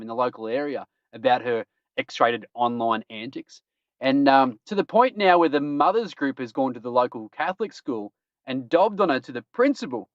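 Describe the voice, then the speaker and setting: A man's voice: medium pitch, no echo. An Australian man hosting a podcast, running through odd news stories in a cheeky, joking way and laughing at his own puns. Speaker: podcast host. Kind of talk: casual news-roundup chat. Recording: dull lo-fi stream audio.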